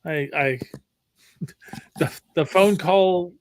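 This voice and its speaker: A man co-hosting a casual stream, talking haltingly with many restarts and fillers. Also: a little high, a little mellow. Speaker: stream co-host. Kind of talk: casual chat.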